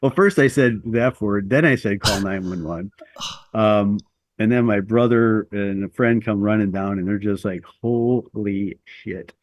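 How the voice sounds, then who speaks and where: A man's voice: fairly low pitch, normal speed, dry recording. A middle-aged man telling a long personal story as an interview guest, rambling and self-deprecating with lots of fillers.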